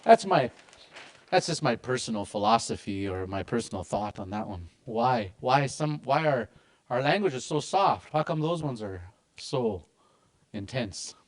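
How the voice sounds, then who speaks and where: A man's voice: mid-range voice, animated, measured pace. A man teaching a language class with lots of energy and emphasis.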